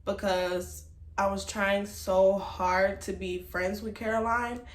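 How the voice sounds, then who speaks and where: Animated woman telling a story, echoey room. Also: medium pitch, slow pace. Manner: animated, emphatic, talks straight to viewers as y'all. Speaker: vlogger telling a personal story. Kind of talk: casual storytime to camera.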